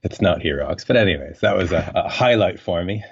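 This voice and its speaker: A man from French Canada, a scientist, talking in a relaxed, rambling way as a podcast guest. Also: low voice, brisk, lo-fi sound, background noise. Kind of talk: conversational interview.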